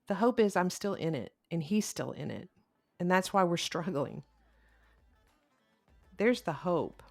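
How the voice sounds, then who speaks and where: A middle-aged woman, a couples counselor hosting a podcast, telling stories in a candid, animated way. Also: on the low side, measured pace, gravelly, soft background music. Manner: animated storyteller, candid and expressive. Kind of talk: casual conversational podcast.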